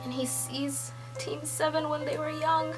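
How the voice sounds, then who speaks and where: A young woman reading a manga chapter aloud and reacting with gushing excitement, swearing and laughing often. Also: high-pitched, a little slow, music in the background. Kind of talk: excited read-along reaction.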